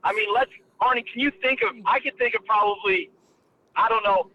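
A man calling in to a radio show from his car, rambling excitably with lots of fillers over the phone. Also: high voice, a little fast. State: driving while calling in. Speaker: caller. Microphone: phone line. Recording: muffled phone call with faint noise.

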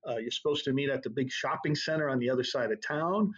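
A middle-aged man, a drum corps tour director, telling anecdotes in a relaxed, storytelling way during an interview. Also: medium pitch, fast, husky, highs cut off. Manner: relaxed anecdotal, laughs at own stories.

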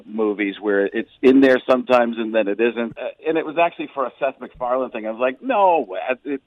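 A man chatting as a comedian guest on a radio interview, rambling with quick asides and restarts. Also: mid-range voice, no echo, narrow, tinny audio. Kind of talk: casual radio interview chat.

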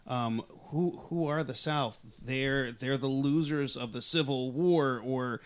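A man, a comedian guest on a podcast, delivering crude jokes in a deadpan way. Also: mid-range voice, slow. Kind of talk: casual comedy podcast banter.

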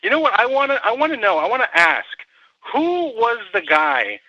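A man co-hosting a podcast, reviewing movies in animated, sarcastic, profane banter. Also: extremely high pitch, moderate pace, no echo, highs cut off.

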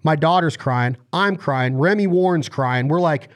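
A man's voice: on the high side, unhurried. A man in his thirties from the United States, telling stories and ranting passionately in a casual conversation. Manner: impassioned, ranting, storytelling. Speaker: podcast guest.

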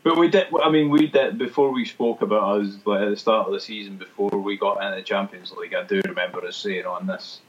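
Low-voiced man on a podcast. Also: quick pace, few pauses, muffled recording. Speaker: podcast co-host. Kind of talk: casual football chat.

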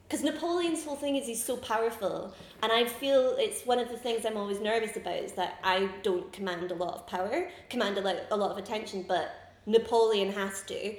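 A young woman in her twenties tells rambling, animated stories in casual chat, often breaking into giggles. Her voice sits at a middling pitch, and it carries a noticeable echo from the room. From Scotland. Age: 20s. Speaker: comedian guest.

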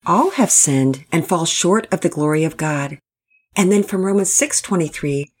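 A woman narrating a Christian family storybook in a gentle, expressive reading voice. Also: deep voice, normal speed.

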